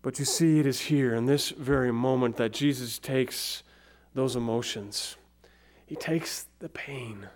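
A man preaching a sermon, slow and dramatic, his voice dropping to a near whisper on key words. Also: mid-range voice, darkish tone. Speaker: pastor.

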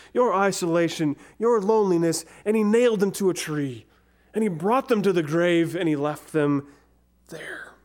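A man preaching a sermon, slow and dramatic, his voice dropping to a near whisper on key words. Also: high-pitched, darkish tone. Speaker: pastor.

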